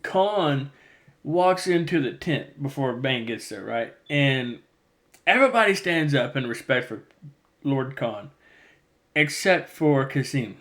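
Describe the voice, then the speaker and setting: A man's voice: mid-range voice, expressive, takes it slowly, a bit bright. A man hosting a casual chat, rambling through a retelling of a novel's plot and acting out the characters' lines. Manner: rambling storyteller, acts out quoted lines. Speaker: podcast host.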